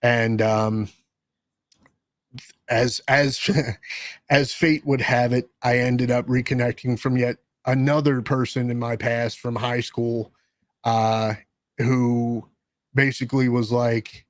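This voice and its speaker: A man's voice: mid-range voice, little pitch movement, takes it slowly, no room sound. A man chatting as a guest in an interview, rambling with frequent restarts and self-corrections. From Maryland. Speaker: guest musician and podcast host. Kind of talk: casual interview talk.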